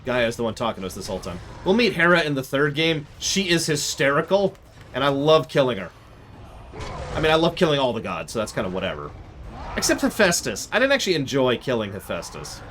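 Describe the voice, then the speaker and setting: A man's voice: mid-range voice, very animated, a little fast. A man streaming a video game, chatting along with sarcastic asides. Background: game music.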